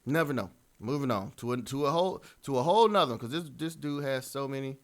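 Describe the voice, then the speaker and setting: A man's voice: mid-range voice, lively intonation, quick pace. A man speaks. He rants through reaction commentary, profane and openly exasperated. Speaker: commentary host.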